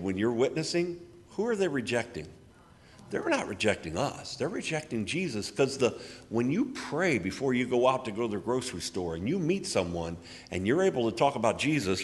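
A man giving church announcements and a sermon, chatty and folksy. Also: mid-range voice. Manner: folksy, chatty, tells anecdotes with acted quotes. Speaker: literature ministry speaker. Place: church hall. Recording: long hall reverb.

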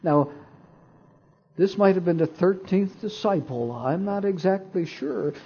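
A man preaching a sermon, retelling scripture stories with emphatic, deliberate delivery. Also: high-pitched, warm tone, breathy edge. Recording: dull lo-fi recording.

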